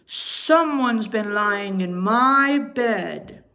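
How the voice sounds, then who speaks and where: A woman voicing a gruff grown father bear in a storybook, speaking slowly and with emphasis. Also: medium pitch, animated, bright, forceful tone, heavily acted. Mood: indignant.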